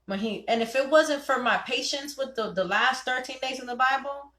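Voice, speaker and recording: Young woman giving advice on a call, lively and preachy, echoey room. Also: high-pitched, moderate pace. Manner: animated, preachy, quotes her husband in voices. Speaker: host of a ladies' night call. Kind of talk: casual talk to listeners.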